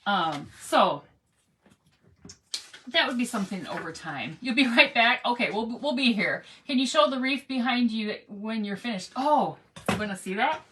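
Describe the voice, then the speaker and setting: A woman's voice: fairly high pitch, expressive, moderate pace, pushed and bright, a little hiss or hum. A woman hosting a casual craft livestream, chatting rambly and greeting viewers by name as she works. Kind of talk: casual chat while crafting.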